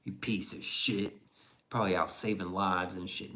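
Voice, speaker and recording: Man, low voice, casual livestream chatter, profane, rambling asides. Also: steady tone, normal speed, sharp tone. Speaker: streamer reading chat.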